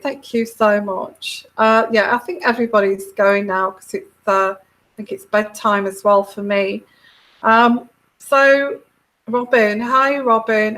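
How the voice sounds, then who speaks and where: A middle-aged British woman chats slowly through her livestream, her voice sitting a little high. She meanders, full of ums and restarts, as she reads out comments to her viewers. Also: fairly bright tone, rough recording. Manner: meandering, hesitant with many fillers. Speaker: tarot livestream host. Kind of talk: casual livestream chat reading comments.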